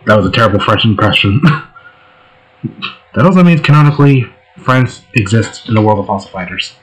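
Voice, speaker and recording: A man's voice: fairly low pitch, expressive, a little fast, pauses often, low-quality recording. A man hosting a let's play, giving casual gameplay commentary in a laid-back, joking way.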